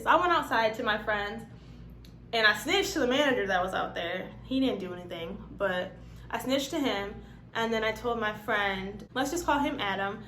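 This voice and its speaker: A woman's voice: a little high, moderate pace. A young woman casually telling a personal story, acting out what others said in different voices and swearing freely. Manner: animated, acts out quotes in different voices, swears. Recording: echoey room, faint background hum.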